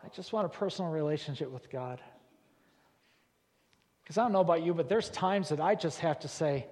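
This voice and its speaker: A man, a pastor, preaching a sermon in a church, leaning hard on repeated words and rising to loud, forceful peaks. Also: on the high side, a little fast, long pauses. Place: church sanctuary. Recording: long reverb of a large church hall.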